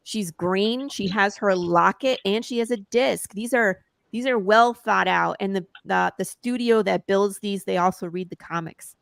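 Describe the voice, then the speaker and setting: Lively woman telling a story, dry sound. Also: medium pitch, a little slow, creaky, few pauses, no echo. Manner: lively storyteller who laughs often and acts out quotes. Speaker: comic creator guest. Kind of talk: casual interview chat.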